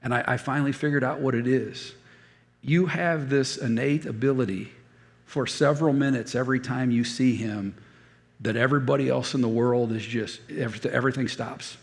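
A man's voice: medium pitch, moderate pace, creaky, long reverb tail. An older man preaching a sermon as a pastor, telling stories and repeating key phrases for emphasis. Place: church hall.

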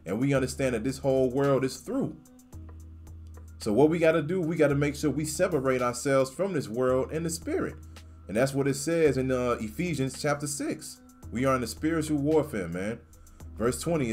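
A male scripture teacher reads verses aloud and breaks them down in emphatic, slangy commentary. His voice sits at a medium pitch. Faint music plays underneath. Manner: emphatic and slangy, often ends lines with "man".

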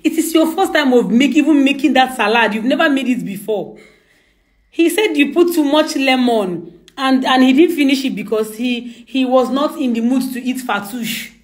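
A woman's voice: high voice, lively intonation, normal speed. A woman at home, coaxing and insistent, often laughing as she talks. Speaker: employer. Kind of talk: casual conversation. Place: home indoors.

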